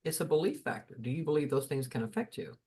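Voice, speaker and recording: Folksy rambling man, slightly high voice. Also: very animated, quick pace, a little mellow. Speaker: spiritual guest speaker. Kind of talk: casual fireside chat.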